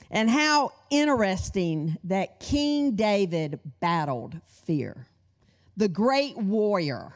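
Middle-aged woman preacher, unhurried, sermon delivery with audience prompts, wide-swinging pitch. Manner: animated, addresses the congregation with questions and call-and-response. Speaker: women's Bible study teacher.

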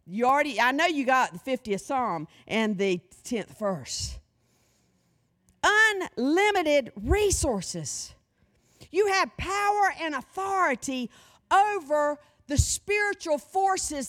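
A woman in her sixties preaching a sermon, calling for a witness from the congregation and mixing in folksy humor. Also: sits high. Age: 60s. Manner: animated, calls for audience response, folksy humor.

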